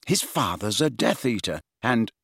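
A man's voice: on the low side, lively intonation, unhurried, creaky, fairly bright tone, slightly rough, dry recording, studio quality, exaggerated voice. A man voicing a stubborn teenage boy insisting on his suspicions. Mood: insistent.

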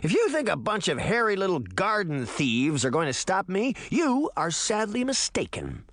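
A swaggering boy trickster, mocking everyone, as a man puts him on. His voice runs a little high and bounces with lively pitch. The sound is close and dry. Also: moderate pace, dry recording, full character voice. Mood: threatening. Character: cocky boy trickster, taunting and brash.

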